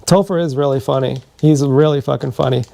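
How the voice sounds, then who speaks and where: A man livestreams a long, wandering personal story. His voice is mellow and low in brightness, with a steady gravelly fry. He swears freely and keeps backing up to restart his sentences. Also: a little fast. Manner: meandering, profane, frequent restarts. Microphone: streaming from a body camera.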